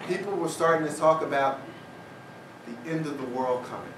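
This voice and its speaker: A man with a fairly high voice tells a humorous personal story to an audience in a lecture hall. He is picked up from a distance, so his voice sounds roomy and echoey. There is a noisy background under his voice. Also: normal speed. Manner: humorous, anecdotal, with wry asides. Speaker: guest speaker. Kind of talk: storytelling public talk.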